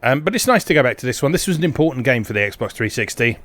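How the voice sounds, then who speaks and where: A man's voice: mid-range voice, big pitch swings, fast, fairly bright tone, a little hiss or hum. A man giving casual, wry gameplay commentary as host of a retro game video, chatty with plenty of fillers.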